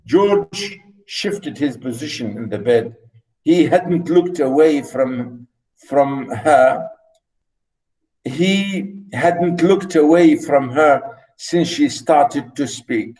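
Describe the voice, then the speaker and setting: A man's voice: fairly high pitch, animated, slow, darkish tone, rough recording. A man lecturing a class, reading a story aloud and asking students rhetorical questions. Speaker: literature lecturer.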